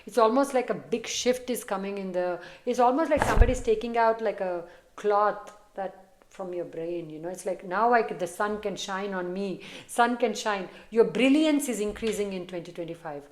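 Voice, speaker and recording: A chatty woman does a casual tarot reading to camera for her viewers, encouraging and easygoing, occasionally sinking to a soft murmur. Her voice is middling in pitch at a moderate pace. It's recorded on a phone camera in a noticeably echoey room with a little hiss or hum.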